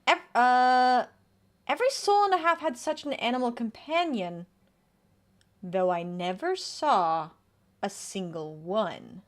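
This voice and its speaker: A woman streamer with a high voice that swings widely in pitch. She talks playfully through a video game as she plays, reading the game's text aloud and reacting to what she sees. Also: expressive, slow. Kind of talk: casual gameplay commentary.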